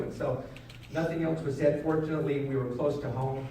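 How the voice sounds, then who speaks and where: A middle-aged man giving a motivational keynote, telling a personal story in an earnest way that moves from loud to hushed. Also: a little high, steady tone, fairly quick, slight background noise. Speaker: keynote speaker. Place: large event hall. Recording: echoey hall, mic at a distance.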